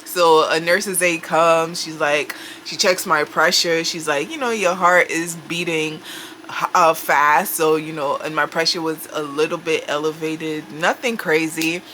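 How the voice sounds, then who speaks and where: A woman telling a personal story in a casual, animated way, acting out her own panicked lines. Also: low-pitched, unhurried, slight background noise.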